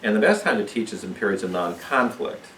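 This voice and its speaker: Deep guy teaching a parenting class at church, calm, explains stuff, kinda far from the mic in an echoey room. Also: quick pace, a little hiss or hum. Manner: calm, explanatory, asks "okay?" often.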